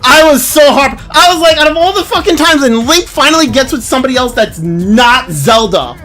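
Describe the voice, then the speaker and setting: High bright voiced guy ranting on his stream, swears a lot, pitch all over the place. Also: brisk, soft background music. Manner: animated, swearing, laughing, indignant outbursts. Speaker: livestreamer. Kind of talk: casual stream chat.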